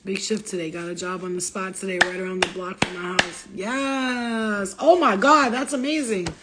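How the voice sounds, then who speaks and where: A woman's voice: medium pitch, steady tone, normal speed, background noise. A woman on a casual livestream, talking bluntly with lots of swearing and street slang as a spiritual reader.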